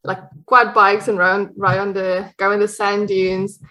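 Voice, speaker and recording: A woman's voice: medium pitch, flat delivery, a little slow, bright, forceful tone, rough recording. Chatty South African woman. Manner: chatty, laughs often, frequent restarts. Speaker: interview guest. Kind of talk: casual conversation.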